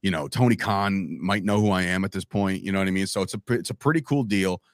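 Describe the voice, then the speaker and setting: Man, thirties, low voice, dry close sound, animated storyteller, casual podcast chat. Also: fast talker, dry recording. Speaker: podcast guest, wrestling commentator.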